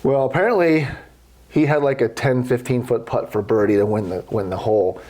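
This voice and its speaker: Middle-aged guy, mid-pitched voice, casual and salty yarn-spinner. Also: a little fast, slight background noise. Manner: profane, animated storyteller. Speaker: golf podcast guest telling stories. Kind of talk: casual storytelling.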